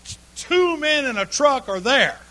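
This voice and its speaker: A man preaching a humorous sermon, telling folksy stories with sudden bursts of shouting and laughter. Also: very high voice, very animated, a little slow.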